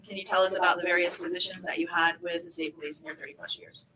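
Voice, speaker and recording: A woman prosecutor runs through her questions at a very fast clip, her voice low-pitched yet bright. She questions in a brisk, methodical way, with a faint hiss in the courtroom audio. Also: level tone, rough recording. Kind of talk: courtroom direct examination.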